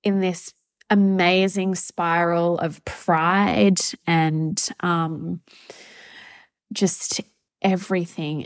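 A young woman hosting a solo podcast, reflecting in a soft, halting, heartfelt way as a mother. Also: lowish voice, flat delivery, no echo, clean studio sound. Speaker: podcast host.

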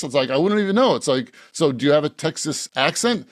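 A man's voice: on the high side, expressive, fairly quick, few pauses, no echo, clean studio sound. A man, an author from Boston, talking in a casual podcast interview, rambling with many restarts and frequent laughs. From Boston, Massachusetts. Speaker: author guest.

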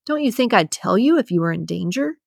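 Gruff male security boss read by a woman, clipped, guarded, audiobook character, dry close sound. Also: mid-range voice, expressive, a little fast, no echo.

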